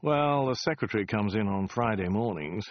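A man reading as a self-important emperor grumbling about his diary, his low voice rising and falling widely. The recording is dull and dry. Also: animated, normal speed, no echo, natural voice. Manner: moody, slouching complaint. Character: self-important weary male warlord emperor.

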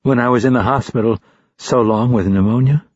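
A man voicing a shaken, apologetic male patient whose speech is slightly slurred and halting. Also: medium pitch, no echo, highs cut off, pitched above the performer's own voice, natural voice. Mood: remorseful.

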